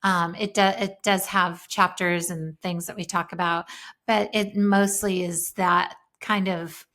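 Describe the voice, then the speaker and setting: A woman in her fifties talks through ideas on a parenting podcast in an easy, conversational way. She is thoughtful and slows her pace when she wants a point to land. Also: fairly low pitch, level tone, fairly bright tone. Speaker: podcast co-host.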